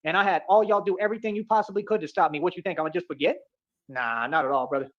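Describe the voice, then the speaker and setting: A man from delivers a rapid, swaggering rant. He keeps circling back to the same boasts and pet phrases. The audio is muffled and lo-fi. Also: high voice, crowd noise. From Atlanta, United States. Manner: boastful, repetitive, keeps saying "real talk".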